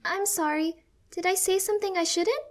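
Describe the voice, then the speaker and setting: A woman's voice: very high-pitched, moderate pace, voice pushed up. A woman voicing a cheerful, caring teenage girl who fusses over her sibling in a read-aloud story. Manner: bright, eager, fussing. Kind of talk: storybook reading.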